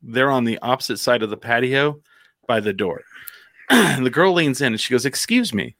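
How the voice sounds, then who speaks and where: A man's voice: medium pitch, expressive, normal speed, fairly bright tone, no echo, clean studio sound. A man from New Mexico telling a long story in casual chat, rambling with fillers and acting out quotes.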